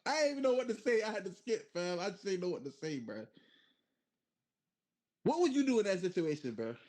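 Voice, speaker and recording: A young man on a video chat app telling a story in an animated, slang-heavy way. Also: high-pitched, fairly quick.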